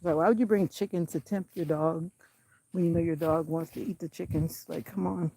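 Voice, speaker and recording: A woman's voice: on the low side, steady tone, moderate pace, vocal fry, warm tone, husky. A woman vlogging casually while walking her dog outdoors on a country road, chatting and giving the dog firm commands. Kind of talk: casual walking vlog commentary.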